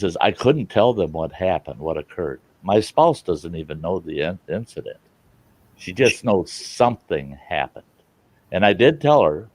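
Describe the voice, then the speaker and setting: A man's voice: sits low, a little mellow, dry recording. A middle-aged man hosting a casual chat, talking earnestly and from the heart. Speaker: channel host.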